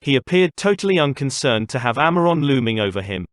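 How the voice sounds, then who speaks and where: A man narrating an audiobook in a steady storytelling voice. His pitch is middling, and the recording is dry and close. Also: quick pace, dry recording. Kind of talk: scripted narration.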